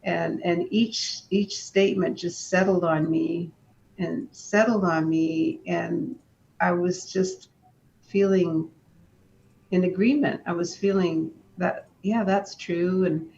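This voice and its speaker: A woman speaks slowly and reflectively as an interview guest, her voice touched with creak and gravel. The recording sounds dull and lo-fi, with a faint low rumble underneath. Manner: calm and unhurried, with frequent restarts. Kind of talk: reflective personal storytelling.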